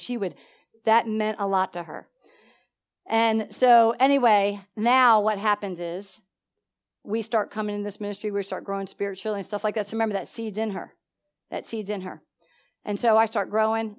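A middle-aged woman preaching a sermon, telling a personal story with lively swings between loud and soft, and asking the congregation questions. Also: medium pitch.

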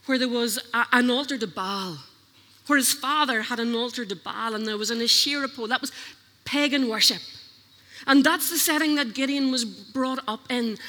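A woman's voice: high voice, sharp tone. A woman preaching a sermon, earnestly questioning her listeners. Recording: long hall reverb.

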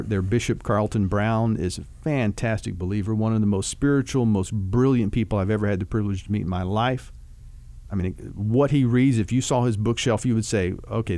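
A man who works as a marriage counselor, explaining relationship advice in a relaxed, folksy storytelling way with vivid food analogies. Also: lowish voice, dry recording. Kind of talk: conversational teaching on a talk show.

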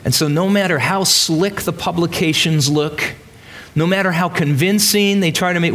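A man's voice: on the high side, moderate pace, a bit bright. A man preaching a sermon in a church, emphatic and full of rhetorical questions to his congregation. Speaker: pastor. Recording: long reverb of a large hall.

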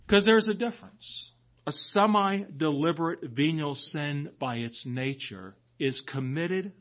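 A priest giving a sermon, telling stories in a chatty way and often asking "right?". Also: male voice, fairly high pitch, lo-fi sound. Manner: conversational storytelling, frequent "right?".

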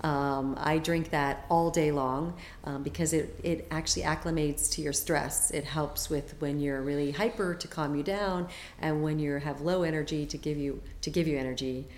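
A woman's voice: low voice, fairly even intonation, moderate pace, echoey room, slight background noise. A woman guest on a podcast, a health coach talking in a chatty, enthusiastic way with lots of fillers. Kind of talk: casual interview chat.

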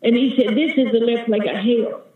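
A woman's voice: on the high side, steady tone, normal speed, reverberant, phone-quality sound. A woman evangelist giving an earnest, vivid testimony as a guest in an interview. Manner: earnest, vivid storytelling, calls listener sister.

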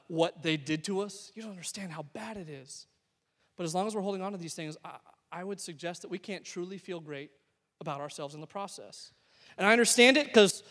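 A man's voice: high-pitched, fairly bright tone. Man preaching in a reverberant hall. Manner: conversational preaching with humorous asides. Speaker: pastor. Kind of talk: sermon.

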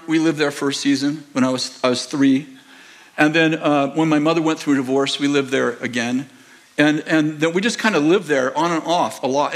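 Older male pastor, sixties, high-pitched, rambling storyteller who acts out quotes in a sermon. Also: a bit bright. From United States. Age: 60s. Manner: rambling, self-correcting anecdotes with acted-out quotes. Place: church auditorium.

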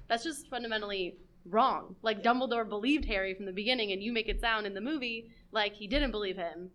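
Bright-voiced opinionated woman. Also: mid-range voice, fairly quick. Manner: opinionated, many fillers. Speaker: panelist. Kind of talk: casual group chat.

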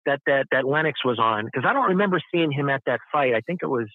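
A man's voice: mid-range voice, animated, quick pace, dry recording. A man calling in to a show, chatting casually, hesitant with repeated words and fillers. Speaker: caller. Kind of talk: casual chat. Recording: tinny phone line.

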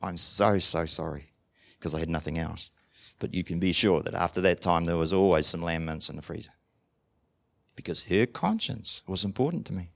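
A man's voice: low-pitched, expressive, normal speed, vocal fry, a bit bright. A man preaching a sermon in a conversational way, asking the congregation questions and acting out short dialogues. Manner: acts out short dialogues in different voices. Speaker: pastor.

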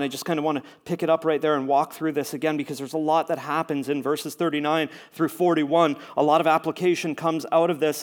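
A man preaching a sermon as a pastor, talking conversationally, building to emphatic repeated lines and dropping to hushed near-whispers. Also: on the high side.

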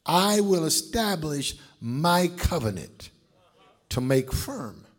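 A preacher with a husky voice pitched high for a man. He speaks slowly, his pitch leaping up and down. He calls out to the congregation, then drops to a hush. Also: very animated. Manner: preaching with call-and-response to the congregation; swings between shouts and hushed asides. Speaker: pastor. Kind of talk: sermon.

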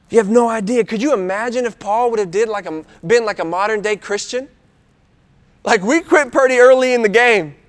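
A man preaching to a student crowd as youth pastor, with energetic, conversational delivery and repeated refrains. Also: very high-pitched, long reverb tail. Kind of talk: sermon.

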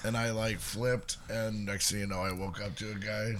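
A young adult man co-hosting a casual podcast, telling stories haltingly with many fillers. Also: lowish voice, flat delivery, fairly bright tone. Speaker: podcast co-host. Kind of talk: casual chat.

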